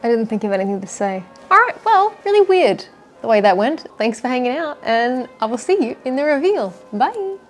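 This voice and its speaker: A woman's voice: a little high, big pitch swings, brisk, faint music behind. A woman hosting a baking video channel, talking in a chatty, jokey, self-deprecating way. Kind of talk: casual vlog narration.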